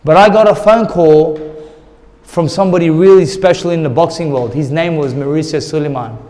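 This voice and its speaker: A man's voice: on the high side, moderate pace, warm tone, big-room sound. A middle-aged man, a guest in an interview, earnestly telling a personal story and repeating words when he gets emotional.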